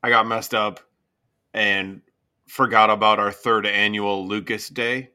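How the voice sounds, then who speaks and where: A man hosting a music podcast in casual chat, easygoing and quick to laugh. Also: fairly low pitch, little pitch movement, bright, forceful tone, smooth. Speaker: podcast host.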